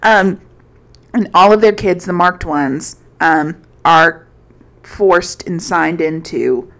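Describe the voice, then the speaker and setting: A woman's voice: on the low side, takes it slowly, a bit bright. A woman co-hosting a podcast, telling a book recap in a casual, rambling way with plenty of swearing and filler words. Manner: profane, rambling storyteller with many fillers. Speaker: podcast co-host.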